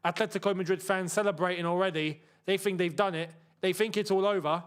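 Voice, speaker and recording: A young man hosting a live football watchalong, reacting loudly to goals and bantering with his chat. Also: sits high, fairly even intonation, a little fast, clean tone.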